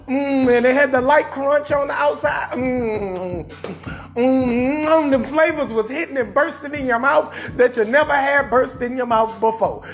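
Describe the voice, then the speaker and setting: Hosting a live stream, this comedian from New Orleans, USA, speaks with a local New Orleans accent as he roasts someone through a loud, foul-mouthed tirade broken by shouting. His pitch is very high, and his delivery stays unhurried.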